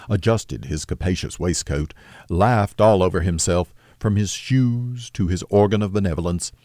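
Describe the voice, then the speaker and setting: A man narrates a classic novel in a deep, mellow voice. His reading is steady and measured. The recording is close and dry. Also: no echo.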